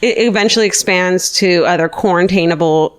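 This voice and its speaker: A woman's voice: lowish voice, brisk. A woman podcast co-host casually retelling a true crime story, swearing freely and acting out quoted lines. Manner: profane, breezy retelling with voiced asides.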